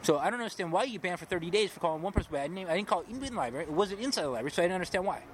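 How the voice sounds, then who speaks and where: A man's voice: sits high, lively intonation, racing. A homeless man rambling agitatedly through his story in a street interview, repeating himself. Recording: noisy outdoor street recording.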